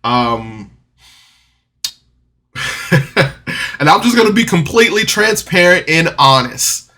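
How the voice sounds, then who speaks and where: A man's voice: fairly high pitch, sing-song, slow, pushed and bright. A man telling a personal story to camera in a rambling, candid way, with frequent restarts and rueful laughs. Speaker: vlogger.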